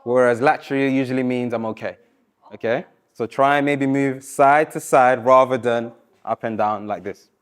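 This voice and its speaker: A man coaching a live public speaking workshop, encouraging and lively, slowing down and dropping his voice to stress points. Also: medium pitch, smooth. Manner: energetic, encouraging, varies pace and loudness for emphasis. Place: university lecture room.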